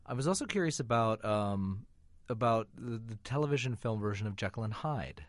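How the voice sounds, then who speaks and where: A man's voice: fairly low pitch, expressive, brisk, dry recording. An American man hosting a radio interview, asking eager questions with frequent stumbles. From United States. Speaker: radio host.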